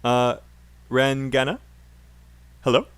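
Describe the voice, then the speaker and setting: A man's voice: medium pitch, slow, a bit bright, smooth. A man teaching English pronunciation in a live online class, encouraging and laughing often as he corrects students.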